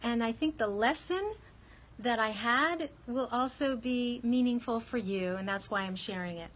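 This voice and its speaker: A woman speaking candidly to camera, telling a personal story in a conversational, animated way. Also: a little high, normal speed, low-quality recording. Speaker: vlogger.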